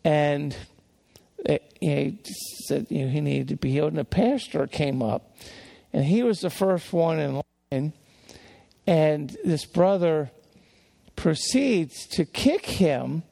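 Older male preacher, slow gravelly delivery, folksy storyteller, stumbles and restarts. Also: on the high side, lively intonation, warm tone. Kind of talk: sermon-style teaching.

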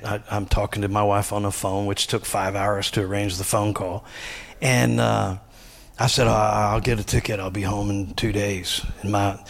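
A middle-aged male pastor preaching in a low, easygoing voice. His sermon sounds like talk among friends, and it jumps from hushed asides to loud, raised lines. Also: creaky.

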